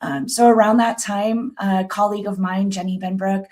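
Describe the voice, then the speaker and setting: Middle-aged woman, raspy and hoarse with a cold, earnest guest on a webinar, mid-pitched, talks it through with plenty of ums. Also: steady tone, normal speed, a little mellow. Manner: earnest, explanatory, many ums. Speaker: guest consultant. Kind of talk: webinar conversation.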